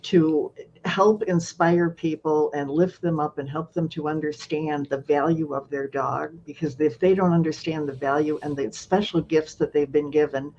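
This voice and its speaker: A woman hosting an interview show, chatting casually and warmly and repeating words as she finds her thoughts. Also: deep voice, fairly even intonation, normal speed. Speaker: show host. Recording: dull lo-fi sound with faint noise.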